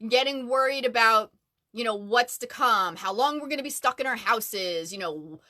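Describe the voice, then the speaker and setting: A woman's voice: on the high side, moderate pace, pushed and bright. A woman chatting on a casual livestream from her closet, bubbly and talkative, greeting viewers by name. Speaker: livestream host. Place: closet at home.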